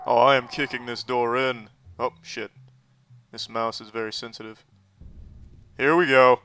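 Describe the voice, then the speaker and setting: Deadpan, profane man playing a game. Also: mid-range voice, normal speed, slight background noise. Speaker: streamer. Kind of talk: gameplay commentary.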